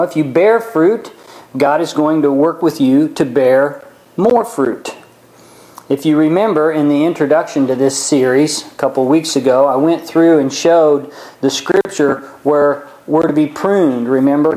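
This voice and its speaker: A man preaching a sermon, reading scripture aloud and explaining it, slowing down and stretching key words. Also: fairly high pitch, dark tone, low-quality recording.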